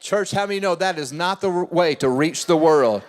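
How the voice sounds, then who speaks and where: Brief: male pastor with a high voice, an emphatic preacher who repeats his points, heard in a reverberant church hall. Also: moderate pace, hardly any pauses. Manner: emphatic, repeats key phrases. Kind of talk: sermon. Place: church auditorium.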